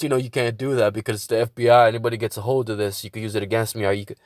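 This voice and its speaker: A man's voice: lowish voice, little pitch movement, very fast, few pauses, a little mellow, dry recording, studio quality. A man hosting his own podcast, venting in a casual monologue with a lot of swearing and stumbling restarts. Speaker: podcast host.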